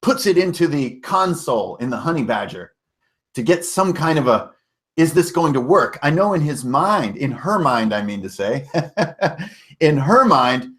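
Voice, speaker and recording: A man's voice: a little high, very animated, unhurried, fairly bright tone. A man narrating a tabletop game recap as game master, casual and storytelling, with self-corrections and mild swearing.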